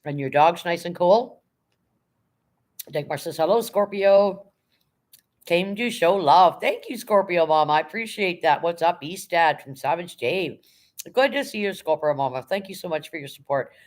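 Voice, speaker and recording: A middle-aged woman hosting a casual livestream, with a fairly low voice. She reads viewer comments aloud and greets people one by one in a chatty, unhurried way. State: emotional, near tears when talking about her late dog. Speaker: livestream host reading chat.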